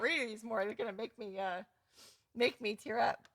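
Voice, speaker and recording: Woman, bright voice, effusive livestream host, chatty, dry close sound. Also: medium pitch, fairly even intonation, unhurried, no room sound. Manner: effusive and chatty, laughing often. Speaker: course host running a live giveaway. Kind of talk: casual livestream talk to viewers.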